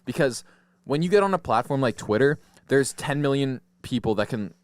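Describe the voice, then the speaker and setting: A man's voice: medium pitch, lively intonation, moderate pace, no room sound. A young man co-hosting a podcast, rambling in casual chat, laughing often and acting out quotes. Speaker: podcast co-host.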